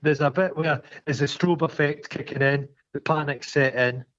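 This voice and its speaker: A man's voice: fairly high pitch, fairly even intonation, moderate pace, a bit bright. A Scottish man co-hosting a podcast, chatting crudely and jokily about a film and acting out its characters. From Scotland. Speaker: podcast co-host. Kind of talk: casual film chat. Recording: slightly dull lo-fi sound.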